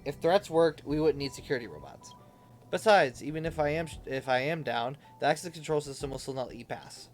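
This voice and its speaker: A stubborn little security robot from a video game, curt and officious, refusing entry in clipped statements, voiced by a man. Slightly high, with faint music behind. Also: animated, brisk, close to an everyday voice.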